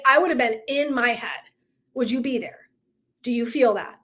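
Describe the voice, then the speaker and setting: Chatty middle-aged woman, slightly high voice. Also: fairly quick. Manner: chatty, heavy use of "like", earnest and emotive. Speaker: wellness coach. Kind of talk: casual livestream talk.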